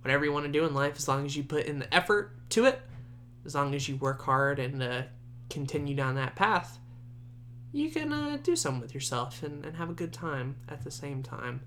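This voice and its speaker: A young man hosting his own podcast, chatting casually and rambling, often laughing, his voice jumping high at times. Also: sing-song, a little fast, bright, forceful tone, a little hiss or hum. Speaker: podcast host. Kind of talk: casual solo podcast chat.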